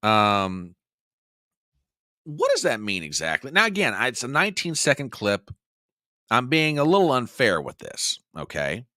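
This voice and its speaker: A man hosting a casual political commentary show, talking to his listeners in a folksy, animated way. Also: mid-range voice, unhurried, no room sound, clean studio sound. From United States. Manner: animated, folksy, talks to the audience as "y'all". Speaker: podcast host.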